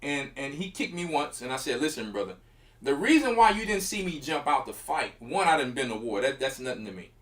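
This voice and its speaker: A man's voice: medium pitch, brisk. A middle-aged man, telling a story in casual talk and acting out the quotes and punches. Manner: animated, acts out quotes and punches with sound effects. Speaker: church elder.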